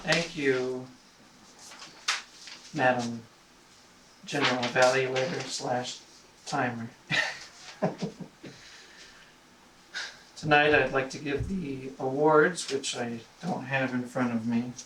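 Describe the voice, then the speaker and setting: Slow-speaking man announcing awards from afar. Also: mid-range voice, steady tone. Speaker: meeting toastmaster giving awards. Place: meeting room. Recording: distant, echoey, noisy room.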